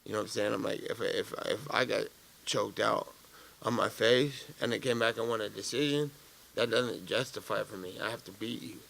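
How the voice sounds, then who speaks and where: Gravelly profane fighter at a press conference. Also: male voice, lowish voice, brisk, a bit bright. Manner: blunt, profane, rambling with many fillers.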